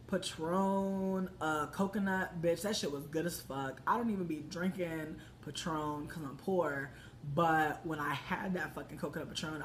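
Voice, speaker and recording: A young woman telling a casual story to the camera, brash and profane, swinging between hushed asides and loud outbursts. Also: deep voice, slight background noise.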